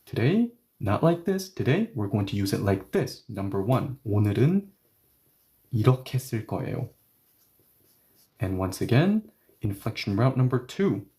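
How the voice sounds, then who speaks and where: Mellow-voiced man teaching grammar. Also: on the low side, big pitch swings. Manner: patient step-by-step explaining, repeating example sentences slowly. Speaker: Korean language teacher. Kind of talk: online grammar lesson.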